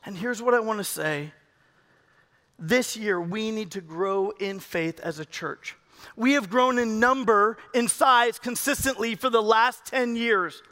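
Guy pastor preaching, bright sharp voice, jokey, keeps coaxing folks up front. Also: high voice, a little slow. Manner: conversational, joking with the congregation; calls people up and coaxes them on stage. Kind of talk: sermon to a congregation.

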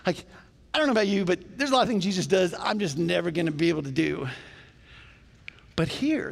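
A male pastor preaching a sermon in a church, talking to the congregation in a conversational, animated way with jokes along the way. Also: sits high, vocal fry. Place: church sanctuary. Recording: long reverb of a church hall.

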